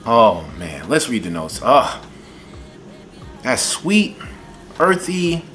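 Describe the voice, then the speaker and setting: A man reviewing fragrances in a casual vlog, excitable and enthusiastic, with a folksy way of talking. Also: mid-range voice, slow pace, soft background music.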